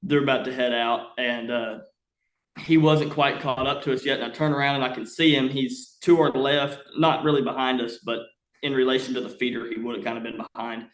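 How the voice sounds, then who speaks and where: A man's voice: medium pitch, a little fast. Young man telling a story. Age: young adult. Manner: rambling, animated, many "uh" fillers. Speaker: podcast guest. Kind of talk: casual storytelling. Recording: roomy echo.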